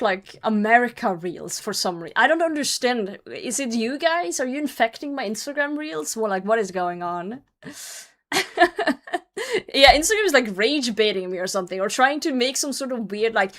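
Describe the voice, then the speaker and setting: A woman's voice: a little high, expressive, moderate pace, a bit bright. A woman streamer chatting casually to her viewers. She swears freely, laughs often and flares into mock rants. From outside the US. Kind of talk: casual live-stream chat.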